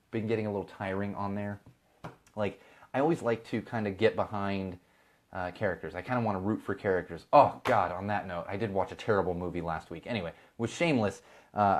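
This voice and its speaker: A man in his thirties hosting a podcast, chatting casually and ranting with sarcastic asides. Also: fairly low pitch. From Chicago, USA. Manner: ranting, sarcastic asides, mimics other people. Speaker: podcast host. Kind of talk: casual live-stream chat.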